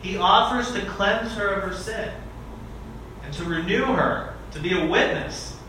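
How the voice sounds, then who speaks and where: A bright, fairly high male voice preaching in a conversational way, often turning to the congregation for agreement. He is heard from some distance in a strongly echoing church sanctuary with a faint hiss behind him. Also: unhurried. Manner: conversational, often asks "right?". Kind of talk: sermon. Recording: echoey church hall, mic at a distance.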